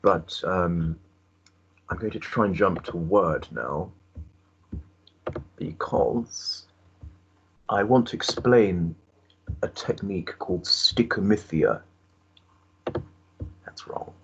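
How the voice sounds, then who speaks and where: Deep husky male teacher explaining. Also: expressive, slow, pauses often, lo-fi sound. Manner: explanatory, asks the class questions. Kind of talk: recorded classroom lesson.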